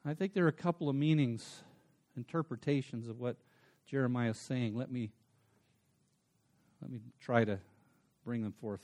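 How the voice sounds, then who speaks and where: A man preaching a sermon, dropping to soft asides and then rising to emphatic, stretched-out words. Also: mid-range voice. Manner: swings between soft asides and emphatic raised passages; slows down to stress single words. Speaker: pastor.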